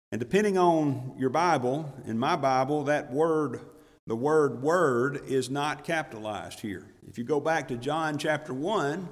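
A man's voice: on the high side, long reverb tail. A male pastor preaching a sermon emphatically, repeating key words for stress.

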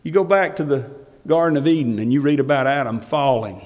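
A male pastor preaching a sermon, reading scripture in old-fashioned wording and rising to emphatic passages before dropping quiet. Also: medium pitch, fairly quick. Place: church sanctuary. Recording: long hall reverb from a church.

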